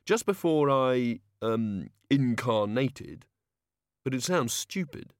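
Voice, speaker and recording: A man's voice: mid-range voice, animated, slow pace, clean tone, dry recording, studio quality. A man voicing a queasy, flustered male god of hangovers who gabbles and splutters.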